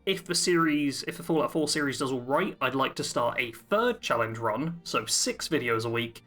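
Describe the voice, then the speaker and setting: A man's voice: mid-range voice, lively intonation, moderate pace, sharp tone, soft background music. A man co-hosting a gaming podcast, chatty and upbeat, explaining his plans at length. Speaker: podcast co-host. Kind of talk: casual podcast chat.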